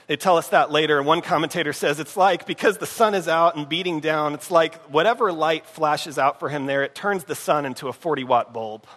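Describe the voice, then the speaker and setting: A man preaching a sermon in a conversational way, often dropping to a hushed voice and asking the congregation if they are following. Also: on the high side, a little fast, few pauses. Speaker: pastor. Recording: long hall reverb.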